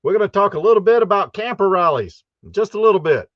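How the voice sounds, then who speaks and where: A man's voice: sits high, expressive, fast, dry recording, dull audio. A man hosting a live stream from a campground, chatty and rambling, giggling often as he greets viewers. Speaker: host of a live stream show. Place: campground in Texas.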